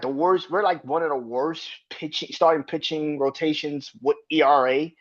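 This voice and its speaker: A man's voice: a little high, steady tone, moderate pace, muffled recording. A man hosting a casual sports podcast, ranting in an exasperated, profane and repetitive way. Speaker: podcast host.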